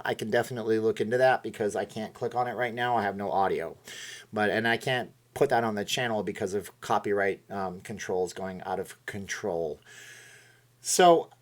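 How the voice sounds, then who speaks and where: Regular guy rambling on his live stream, jokey, laughs at his own bits, shouts out chat folks. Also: medium pitch. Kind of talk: casual live-stream chat, reading viewer comments.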